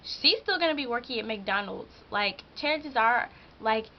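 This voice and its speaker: A teenage girl talks straight to her camera, venting about her day with plenty of "like" fillers. Her voice sits a bit high, and the audio is dull and lo-fi with a faint hum underneath. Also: expressive, measured pace. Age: teens. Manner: chatty, heavy use of "like", emotional venting. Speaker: vlogger. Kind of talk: casual vlog storytelling. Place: hot room at home.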